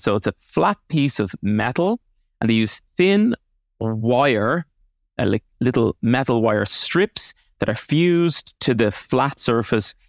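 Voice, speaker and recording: A man's voice: mid-range voice, dry recording, studio quality. A man co-hosting a podcast, explaining things in a casual way with lots of fillers and restarts. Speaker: podcast co-host.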